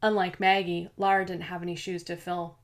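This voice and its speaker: This scripted audiobook narration of a novel comes from a woman whose voice sits on the low side. She reads evenly and without hurry, keeping a steady, measured pace.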